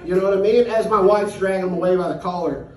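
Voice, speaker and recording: Crude high-voiced stand-up comic man. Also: steady tone, quick pace, a little mellow, roomy sound, far from the mic, low-quality recording. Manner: crude, acts out voices of his dog and friends. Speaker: stand-up comedian. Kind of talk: stand-up set. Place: comedy club stage. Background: audience laughing.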